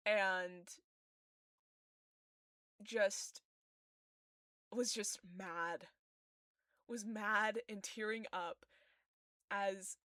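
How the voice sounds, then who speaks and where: A woman's voice: medium pitch, fairly bright tone, dry recording, clean studio sound. A young woman chatting casually while she draws fan art, emotional and gushing, groaning and squealing. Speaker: streamer drawing fan art. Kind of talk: casual chat while drawing.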